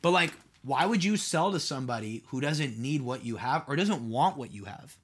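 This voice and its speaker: A man's voice: medium pitch, animated, moderate pace, slight background noise. A man hosting his own podcast in a casual solo monologue, rambling and asking his listeners rhetorical questions with lots of "like"s. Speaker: podcast host and mentor.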